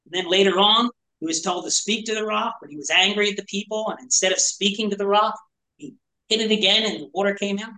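A man's voice: high-pitched, fast, sharp tone, poor audio. A man teaching a Bible study to a small group in a conversational, explanatory way, asking rhetorical questions.

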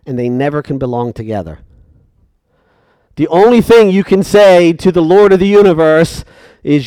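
High-voiced man preaching a sermon. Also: very animated, normal speed, darkish tone, dry recording. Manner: emphatic, asks the congregation rhetorical questions.

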